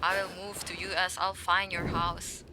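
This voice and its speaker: A woman's voice: fairly low pitch, level tone, moderate pace, background noise. A woman streaming a game, chatting with viewers in a playful, teasing way. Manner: playful, teasing, talks back to chat. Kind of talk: casual gaming stream chat.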